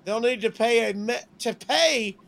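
A man's voice: extremely high pitch, measured pace, gravelly, a bit bright. A man co-hosting a podcast, reading a sponsor ad in an upbeat way. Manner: upbeat ad read. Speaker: podcast co-host.

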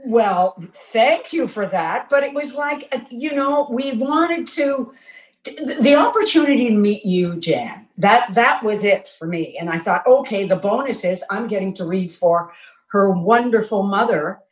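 A woman's voice: mid-range voice, lively intonation, measured pace, reverberant, low-quality recording. A woman, a guest actress telling an audition story in an effusive, emotional way, talking from her home kitchen. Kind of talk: casual interview chat.

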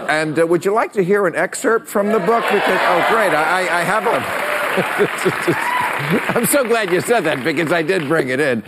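Animated man doing a comic monologue. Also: high voice, normal speed, over a noisy crowd. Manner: punchy, laughing at his own jokes. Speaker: late-night talk show host. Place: television studio with live audience. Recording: studio audience and room noise.

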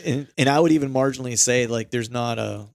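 Gravelly laid-back man chatting. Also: mid-range voice, quick pace, no echo, clean studio sound. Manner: laid-back, rambling, laughs often. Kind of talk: casual chat.

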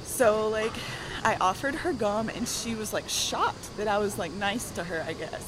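Southern woman guest, breathless and giggly, gym noise behind, mid-pitched. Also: a little slow. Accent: Southern American. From American South. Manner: soft, giggly, rambling. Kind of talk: casual storytelling. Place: gym on a treadmill.

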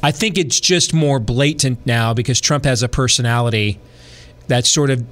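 A man's voice: mid-range voice, moderate pace. A middle-aged man hosting a casual political talk show, rambling conversationally with many fillers and restarts.

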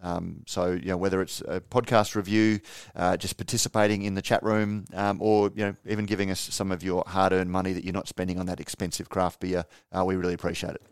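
Low smooth-voiced man, halting podcast chat. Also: flat delivery, no echo, studio quality. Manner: halting, many restarts and fillers. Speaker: podcast co-host.

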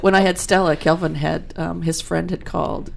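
A woman with a gravelly, fairly low voice chats on a talk show. She tells her own stories bluntly and with dry humor. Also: fairly even intonation, normal speed, a little hiss or hum. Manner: blunt, wry storytelling. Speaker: co-host. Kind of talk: casual chat.

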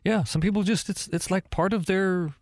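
A man's voice: high voice, normal speed, no room sound. Easygoing man hosting a podcast. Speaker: podcast host. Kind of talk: casual podcast chat.

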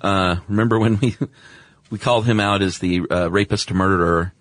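Male podcast co-host, deep voice, relaxed chatty delivery, dry studio sound. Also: normal speed, no echo. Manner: relaxed, conversational, many fillers. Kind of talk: casual chat.

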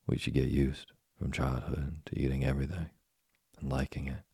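A man voicing a patient, kind old woodcarver father in a storybook reading, calm and gently lecturing. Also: a bass voice, moderate pace, vocal fry, husky, dry recording, studio quality, exaggerated voice. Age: older.

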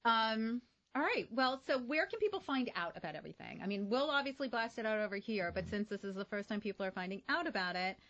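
A woman's voice: on the high side, big pitch swings, fast talker, a bit bright, muffled recording. A woman co-hosting a radio food show, chatty and teasing with her guests. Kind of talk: casual food talk.

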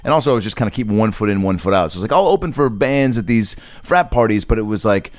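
A man's voice: lowish voice, expressive, no room sound. A man co-hosting a casual chat, talking loosely with lots of fillers. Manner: quick, loose, filler-heavy. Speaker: co-host comedian.

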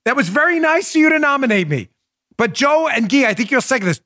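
A man hosting a political talk podcast, talking in an animated, joking monologue that slides into mock pleading. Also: very high voice, quick pace, no room sound, clean studio sound. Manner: excitable, mock-pleading, jokey. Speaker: political talk show host.

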